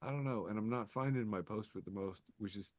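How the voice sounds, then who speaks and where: A man hosting a casual podcast over a call, reading memes aloud, laughing often and swearing, quick to poke fun at himself. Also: lowish voice. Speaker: podcast host. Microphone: remote call mic.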